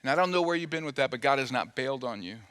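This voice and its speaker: A man's voice: medium pitch, lively intonation, very fast, a bit bright, smooth. A man preaching a sermon as pastor in a conversational, playful way, acting out the quotes he tells. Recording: long hall reverb.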